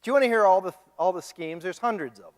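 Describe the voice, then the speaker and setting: A man preaching a sermon as pastor, animated and joking, mimicking the people he talks about. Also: high voice, quick pace. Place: church sanctuary. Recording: long reverb of a church hall.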